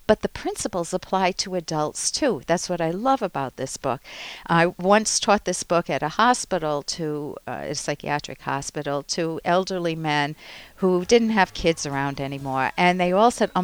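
Woman radio psychologist, low-ish voice, calm coaching tone with small acted quotes, dry studio sound. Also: dry recording. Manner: calm explanatory coaching, acts out little example quotes. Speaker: radio show host, clinical psychologist. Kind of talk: advice call-in radio talk.

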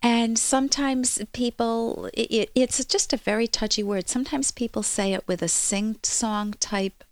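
A woman's voice: on the high side, steady tone, unhurried, hardly any pauses, no echo. A woman clinical psychologist hosting a call-in radio advice show, talking to listeners in an earnest, explanatory way.

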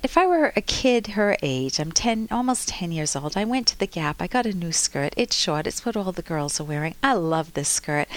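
A woman's voice: fairly high pitch, expressive, normal speed, no room sound. A woman who is a clinical psychologist, hosting a call-in advice radio show and explaining each point step by step while acting out both sides of a conflict.

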